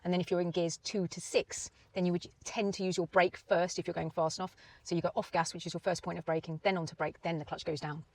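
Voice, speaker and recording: A woman's voice: lowish voice, quick pace, rough recording. Chatty woman explaining driving. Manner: chatty, animated, lots of tag questions like "right?" and "yeah?". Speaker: driving instructor. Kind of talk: explanatory teaching talk.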